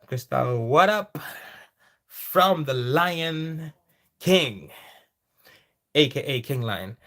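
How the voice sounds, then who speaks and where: A man hosting a farming livestream. He chats casually and reads out viewer comments, breaking into sudden high-pitched exclamations. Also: vocal fry, fairly bright tone. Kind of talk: casual live chat, reading viewer comments.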